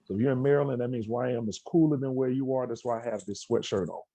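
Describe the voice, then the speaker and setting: Male keynote speaker, storyteller on a video call, warm and slightly husky. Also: medium pitch, quick pace, dry recording. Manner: storytelling, acts out quoted dialogue. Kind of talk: motivational talk to students over video call. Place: indoors at an outdoor education center.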